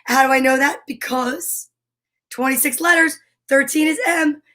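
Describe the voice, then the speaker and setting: A woman with a scratchy, raspy voice, hosting a live-stream story time in bubbly, enthusiastic casual chat. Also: high-pitched, steady tone, unhurried, bright, forceful tone.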